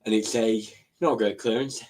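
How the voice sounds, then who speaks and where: A man co-commentating a live football match on a stream, calling the play with excited, quick remarks between casual chat. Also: fairly low pitch. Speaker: guest co-commentator.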